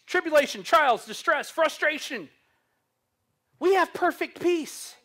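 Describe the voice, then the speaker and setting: A man's voice: extremely high pitch, fairly bright tone. A young man preaching a sermon, earnest and humorous, telling stories. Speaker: pastor.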